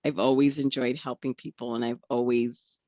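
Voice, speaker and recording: A woman's voice: extremely low pitch, level tone, normal speed, warm tone, no echo, muffled recording. A woman telling her recovery story in a podcast interview, speaking in an earnest, reflective way. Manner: reflective, earnest, acts out quoted voices. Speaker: guest. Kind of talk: candid personal recovery story.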